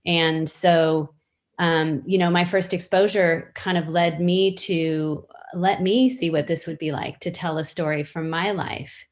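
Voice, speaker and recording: Thoughtful, low-pitched woman in her fifties. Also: steady tone, unhurried. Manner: thoughtful, rambling, with many fillers and restarts. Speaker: interview guest, storytelling practitioner. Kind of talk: casual conversational interview.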